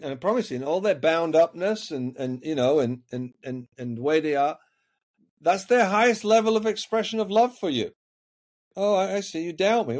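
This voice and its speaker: A man with a somewhat high, slightly mellow voice appears as a coaching guest on a podcast. Earnest and reflective, he often repeats words while finding his point.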